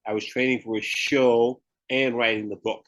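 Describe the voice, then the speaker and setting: A man's voice: medium pitch, level tone, moderate pace, fairly bright tone, poor audio. A man with a Southern US accent talks as a podcast guest, with a mid-range voice. He tells his story candidly and laughs often. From Memphis, Tennessee, US Southern. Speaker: guest, retired pro bodybuilder and author. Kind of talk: podcast interview.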